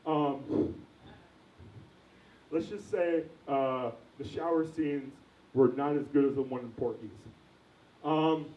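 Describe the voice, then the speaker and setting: A man's voice: medium pitch, fairly even intonation, slow pace, pauses often, darkish tone, distant mic, slight background noise. A young man doing a crude, rambling stand-up set, quizzing the audience, recorded from afar in an echoey lo-fi room. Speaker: stand-up comedian.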